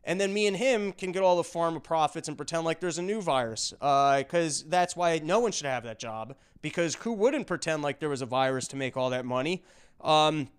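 Male podcast host, high smooth voice, rambling sarcastic monologue.

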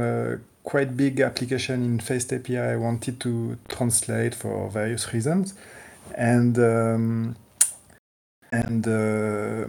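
A man speaks in a gravelly mid voice on an online voice call. He stops and restarts often as he explains technical work. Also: mid-range voice, darkish tone. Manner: halting, many fillers and restarts. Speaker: community contributor. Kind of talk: casual tech chat.

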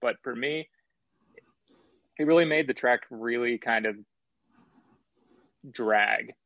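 A man hosting a casual album review chat, talking in an analytical and measured way with some swearing. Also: mid-range voice, creaky, no room sound, phone-quality sound.

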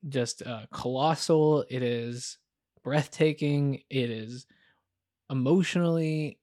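A man's voice: medium pitch, slow pace, dark tone, dry recording. This man co-hosts a film podcast in a loose, candid ramble, leaning on fillers as thoughts form. His voice sits in an ordinary middle register. The sound is dry and close. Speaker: podcast co-host. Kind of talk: casual film chat.

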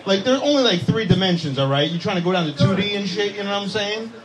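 A man's voice: high-pitched, fast talker, low-quality recording. A man doing stand-up comedy, brash and profane, joking with the crowd in a club. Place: comedy club with a live audience. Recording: loud crowd noise in a club. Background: audience laughter and chatter.

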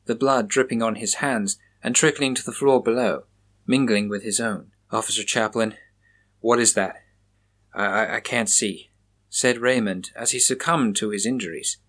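A man reading a horror story aloud in a measured, grave manner. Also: mid-range voice, a bit bright. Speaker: narrator.

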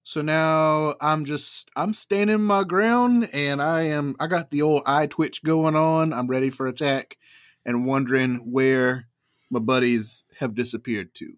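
A man's voice: on the high side, fairly even intonation, a little slow, dry recording, clean studio sound. A man playing a tabletop game, describing his character's actions with playful banter. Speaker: player. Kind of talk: casual tabletop play.

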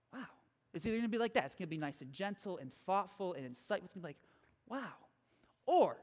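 A man preaching a sermon as pastor in a church, energetic and repetitive, often checking in with his listeners. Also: very high-pitched. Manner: energetic, repeats phrases, checks in with "okay?". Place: church hall. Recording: long hall reverb.

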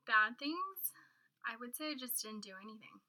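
A woman's voice: on the high side, lively intonation, normal speed, pushed and bright, poor audio. A woman chatting casually and candidly, rambling a little and swearing now and then. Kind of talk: casual chat.

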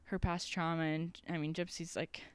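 Young woman cohost, kinda low voice, quick reactions and gasps, dry close mic. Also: level tone, clean tone, no echo. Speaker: podcast co-host. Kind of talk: casual chat.

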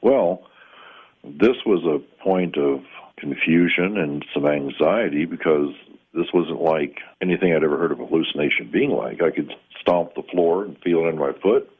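A man calmly recounting a strange personal experience in plain, measured words, sometimes pausing to find the right term. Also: extremely low pitch, husky. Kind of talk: first-person spoken recollection. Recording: tinny phone-like line.

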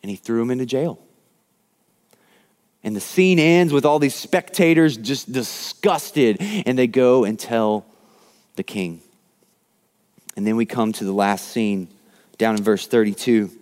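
A man preaching a sermon, telling a parable in an animated way and acting out the lines of its characters. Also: on the high side, measured pace. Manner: animated storytelling, acts out quoted lines. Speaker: pastor. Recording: long hall reverb.

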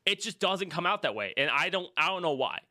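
A male podcast host chatting casually, animated and swearing freely, with some consonants blurred and P and B sounds mixed. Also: high-pitched, fairly quick, no echo, clean studio sound.

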